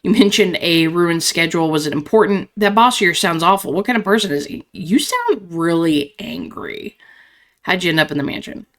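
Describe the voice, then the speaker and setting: A woman's voice: lowish voice, expressive, normal speed, a bit bright. A woman gaming streamer reading dialogue choices aloud and chatting playfully. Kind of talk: casual let's play commentary.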